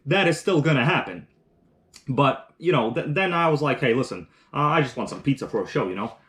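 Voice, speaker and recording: A man's voice: mid-range voice, animated, brisk, a bit bright. A man hosting a casual live stream, chatting while eating and reading viewer comments aloud, rambling with restarts. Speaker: livestream host.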